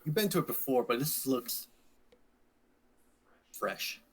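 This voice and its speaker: A man narrating a tabletop role-playing game as dungeon master, describing scenes slowly with frequent fillers. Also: mid-range voice, low-quality recording. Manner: slow, relaxed narration with fillers.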